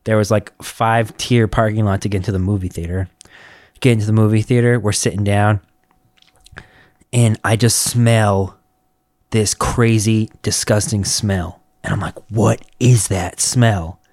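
A man in casual chat, telling stories in an animated, profane way. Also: lowish voice, moderate pace, no room sound, studio quality.

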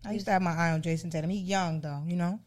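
A young adult woman co-hosting a casual podcast chat, playful and quick to laugh. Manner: animated, playful, laughs often, swoops high for emphasis. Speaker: podcast co-host.

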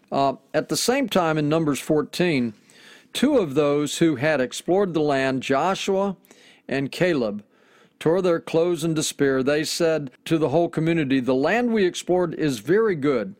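A man's voice: a little high, a little mellow, no echo. Earnest man preaching a podcast sermon. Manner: earnest, encouraging, rising to fervent emphasis.

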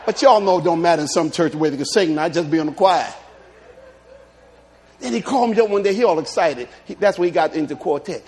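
A man preaching a lively sermon, telling humorous stories and calling out to his congregation. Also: a little high, fairly quick. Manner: animated preaching with humorous stories and call-outs. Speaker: pastor.

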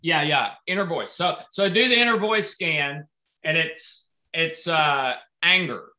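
A man hosting a sales event, telling an animated story and acting out the dialogue with jumps in his voice. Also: fairly high pitch, measured pace. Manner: excitable, acts out dialogue in raised voices. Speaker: host presenting products. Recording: echoey room.

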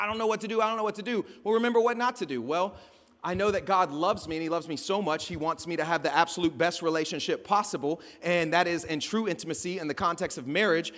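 A man preaching a sermon, animated and joking, acting out the scenes with sudden shouted asides. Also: high voice. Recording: long reverb of a large hall.

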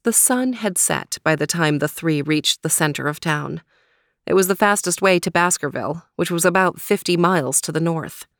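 A woman narrating a children's storybook in a steady, measured way. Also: on the low side, dry recording, clean studio sound. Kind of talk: storybook reading.

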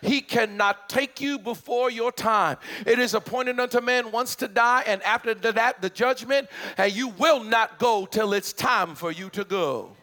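A man preaching a sermon in a church, with rising shouts and chanted, repeated lines. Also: very high-pitched, measured pace, hardly any pauses. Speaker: pastor. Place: church sanctuary.

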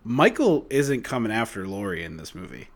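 A man co-hosting a podcast in casual chat, who gets fired up and swears loudly. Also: sing-song, normal speed. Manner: swears and rants loudly, pitch jumping when worked up. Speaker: podcast co-host.

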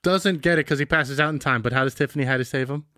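A man's voice: medium pitch, fast, pushed and bright, dry recording, studio quality. Joking man retelling movie scenes. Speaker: podcast co-host. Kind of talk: casual movie discussion.

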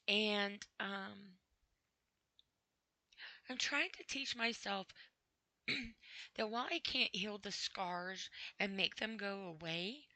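A woman hosting a podcast, talking slowly and haltingly about her own feelings, with a dry throat that she clears often. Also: medium pitch, sharp tone, no echo, low-quality recording. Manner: slow, halting, with frequent throat clearing and sighs. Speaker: podcast host. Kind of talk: personal spoken reflection.

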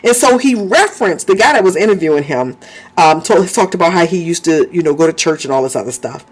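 A man's voice: fairly high pitch, lively intonation, fast, breathy edge. A man preaching a sermon in a fervent way, often stopping to praise, speak in tongues and laugh.

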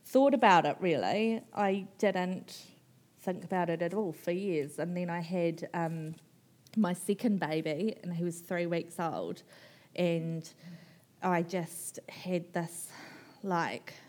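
A New woman with a somewhat low voice tells her story in a candid, conversational way. She is frank and animated, drops a casual swear word, laughs easily and fills her sentences with "like". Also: slow pace. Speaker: author guest at a book festival. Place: live book festival stage.

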